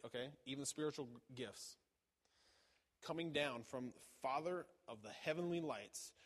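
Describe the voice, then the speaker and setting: A man preaching a sermon in a casual, halting way, with many fillers and restarts. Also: medium pitch, fairly bright tone, slightly rough. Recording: long reverb of a large hall.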